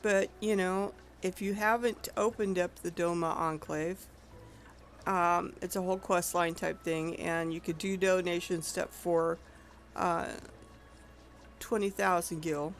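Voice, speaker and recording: A woman's voice: fairly low pitch, steady tone, unhurried, a little hiss or hum. A woman streaming an online game, chatting casually and rambling with frequent self-corrections. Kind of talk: casual gameplay commentary.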